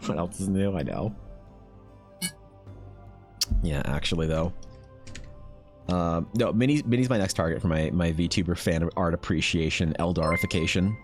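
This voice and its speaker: A man with a Canadian accent chatting on a live art stream, excitable and swearing, mock-exasperated at his chat. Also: sits low, measured pace, long pauses, soft background music. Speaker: artist streamer. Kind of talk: casual livestream chat while drawing.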